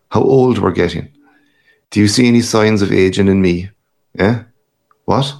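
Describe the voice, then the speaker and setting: A man's voice: deep voice, creaky. A man voicing a boisterous, worldly middle-aged journalist with a hearty, boastful, teasing manner.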